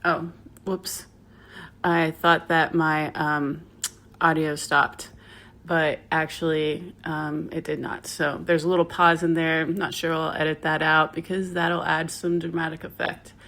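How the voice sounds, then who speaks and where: A woman's voice: low voice, level tone, a little slow, a bit bright. A woman telling a story in a casual, rambling way, with asides to the listener. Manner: chatty, rambling, with many fillers and asides. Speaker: yoga teacher.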